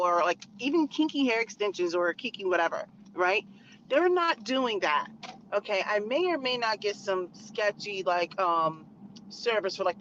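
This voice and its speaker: A woman's voice: medium pitch, a bit bright. Outspoken woman talking from her car. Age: adult, married. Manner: outspoken, emphatic, conversational. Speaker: channel host. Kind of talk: opinionated commentary vlog. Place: in a car on a back road. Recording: muffled car recording with road noise.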